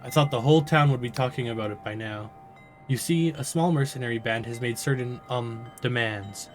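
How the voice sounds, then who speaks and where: A man's voice: medium pitch, a little fast, soft background music, close to an everyday voice. A man voicing a nervous, flustered female village mayor from a game, fussy, polite and overly reassuring.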